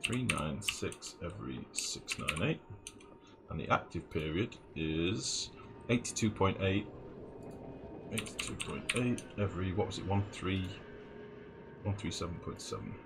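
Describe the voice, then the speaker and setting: A man's voice: low voice, expressive, unhurried, gravelly, pauses often, very noisy. A man giving casual gameplay commentary as a let's play host, thinking aloud, muttering numbers to himself and swearing now and then. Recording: game music playing underneath.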